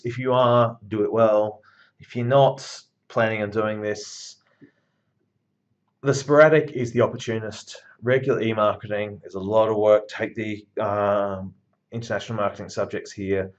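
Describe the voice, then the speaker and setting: A man's voice: on the low side, dull audio. A man giving a university lecture in a conversational, emphatic way, with blunt asides.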